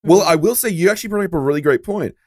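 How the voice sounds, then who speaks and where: A man's voice: high voice, rapid-fire, dry recording, clean studio sound. A man in casual podcast chat, laid-back and agreeable.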